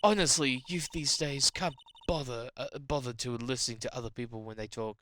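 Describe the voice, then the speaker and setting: A New Zealand streamer voicing a cranky, nosy elderly woman security guard while reading game dialogue aloud, scolding in rapid-fire bursts. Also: mid-range voice, a bit bright, a little hiss or hum, lightly acted.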